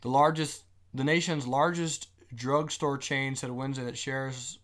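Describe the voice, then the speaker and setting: A man's voice: medium pitch, steady tone, a little slow, a bit bright. A man hosting a live stock trading show, giving casual market commentary with joking asides and thinking aloud.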